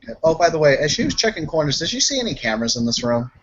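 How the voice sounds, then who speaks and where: A man playing a tabletop game, chatty and quick to laugh. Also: a little high, big pitch swings. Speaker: player. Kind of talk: tabletop role-play. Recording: dull lo-fi recording.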